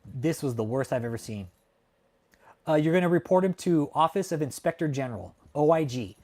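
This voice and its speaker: A man's voice: fairly high pitch, animated, brisk, a little mellow. A man from California hosting a casual livestream chat, talking in a heated, profane, emphatic way and often tacking on "man". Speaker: livestream host. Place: home in Texas.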